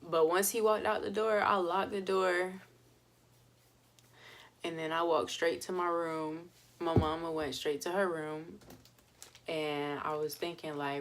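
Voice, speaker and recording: Low-voiced young woman telling a story. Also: flat delivery, a little slow. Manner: chatty, full of fillers and laughs. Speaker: vlogger. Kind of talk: casual story time.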